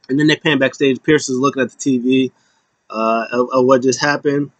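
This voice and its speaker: A man casually recapping a wrestling show, rambling and animated, with lots of fillers. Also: mid-range voice, brisk, no echo, highs cut off.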